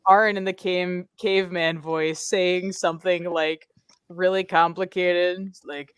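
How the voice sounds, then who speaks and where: Brief: guest designer, mid-pitched voice, chatty with laughing asides. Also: little pitch movement, unhurried, smooth, no room sound. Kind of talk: casual chat.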